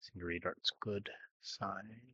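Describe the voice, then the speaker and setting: Deep-voiced man rambling over gameplay. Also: steady tone, slow pace, pushed and bright, slightly rough, no echo, muffled recording. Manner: rambling, thinking aloud with many ums and "right?". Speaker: gameplay video host. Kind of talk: casual commentary over gameplay.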